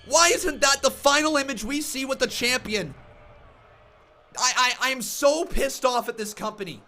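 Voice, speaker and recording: A man ranting furiously on a live reaction stream, shouting, swearing and repeating words in angry bursts. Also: very high voice, moderate pace.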